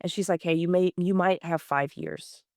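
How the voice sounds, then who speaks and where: A woman's voice: on the low side, steady tone, normal speed, a little mellow, dry recording, studio quality. A woman in her thirties, a podcast guest, telling her story in a blunt, plain-spoken way with many fillers and restarts. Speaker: guest runner. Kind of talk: candid conversational storytelling.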